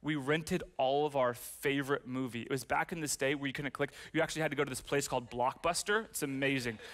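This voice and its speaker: A man in his twenties, a pastor preaching a sermon, telling personal stories animatedly and turning soft and slow when speaking about grief. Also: medium pitch, fairly even intonation. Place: church stage with audience.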